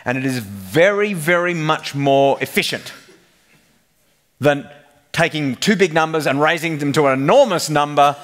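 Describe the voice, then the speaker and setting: A man's voice: on the high side, lively intonation, moderate pace, a bit bright. A man giving a humorous technical conference presentation, telling the story like a joking storyteller. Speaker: conference speaker.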